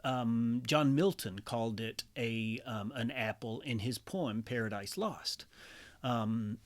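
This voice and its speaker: A man with a mid-range voice telling a familiar story in a relaxed, chatty way. His talk is loose and full of asides and small fillers. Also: medium pitch, slow. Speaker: storyteller and songwriter.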